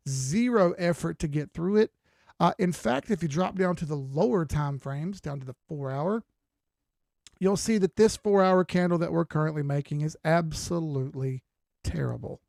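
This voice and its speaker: Man, chart-analysis streamer, sleep-deprived, gravelly voice, casual folksy delivery, dry close sound. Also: on the high side, normal speed, a little mellow, no echo. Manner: conversational, repeats phrases, folksy slang. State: tired, yawning.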